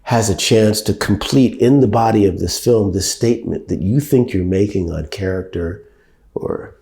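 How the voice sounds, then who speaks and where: A man in his sixties being interviewed, telling stories in a measured, thoughtful way that gets lively when he quotes people. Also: lowish voice, vocal fry, echoey room. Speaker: actor and director, guest. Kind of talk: reflective interview storytelling.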